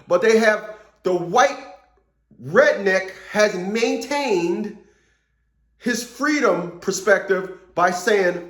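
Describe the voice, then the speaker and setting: This man speaks in a high-pitched voice, slowly, leaving long pauses, and the sound is reverberant. He's a political commentator ranting casually, wandering off track, saying the same words again and cursing.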